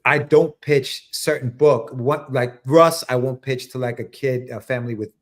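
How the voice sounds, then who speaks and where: A man's voice: medium pitch, steady tone, moderate pace. A man hosting a casual podcast, laid-back, laughing often and reading viewer comments aloud. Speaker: podcast host.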